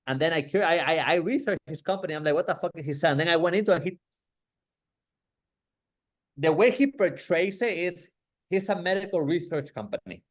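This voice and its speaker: Rambling, slightly high-voiced man on a call. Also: fairly quick, pauses often. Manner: profane, rambling, lots of "bro" and "like". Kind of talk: casual chat.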